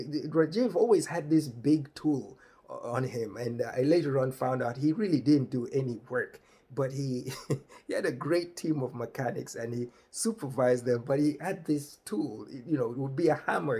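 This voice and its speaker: A man from Kenya telling a comic story on stage, lively, acting out the people in it. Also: mid-range voice, slightly rough. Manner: animated, acts out voices. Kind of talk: stand-up storytelling.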